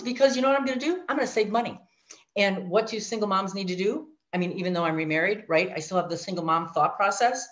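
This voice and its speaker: A middle-aged woman sharing her life story, animated, acting out voices and speaking asides to her listeners. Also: mid-range voice, fast. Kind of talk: personal testimony talk. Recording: dull lo-fi audio.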